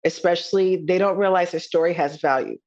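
A woman speaking as a guest in a podcast interview, enthusiastic and conversational, slowing down to stress key words. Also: lowish voice, steady tone, darkish tone, highs cut off. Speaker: interview guest, nurse informatics specialist.

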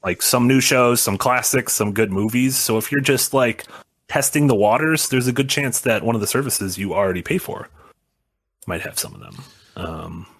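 Low husky dude rambling on a stream, lots of "like" and "um", dry mic. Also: male voice, normal speed, fairly bright tone, no room sound. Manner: chatty, rambling with fillers and "like". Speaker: co-host. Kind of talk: casual stream chat.

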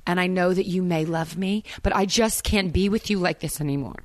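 A woman's voice: on the low side, a little fast, dry recording, natural voice. Woman doing a campy Italian American Jersey heroine, put-on accent, wildly dramatic delivery, very dry sound. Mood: melodramatic. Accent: Italian American New Jersey (put on). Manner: over-the-top dramatic recitation, swooping between whispers and cries. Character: melodramatic Italian American woman pleading with her lover. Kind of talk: improvised dramatic reading.

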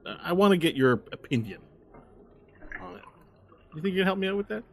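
A man's voice: high-pitched, sing-song, fairly quick, a little hiss or hum, voice pushed up. A man doing a big polite elephant-man. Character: large quiet male elephant-folk man.

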